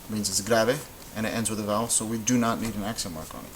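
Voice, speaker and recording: A faint hum sits under this poor-quality recording of a Spanish teacher. The man, whose voice is fairly low, explains a whiteboard lesson step by step, slowly and patiently, stopping at times to correct himself.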